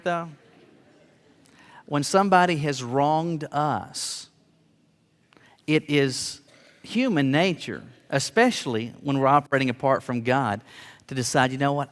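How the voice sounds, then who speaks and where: In a hall with long reverb, a pastor preaches a sermon in earnest. His mid-range voice moves at a measured pace, climbing to emphatic peaks and sometimes stammering as he restarts.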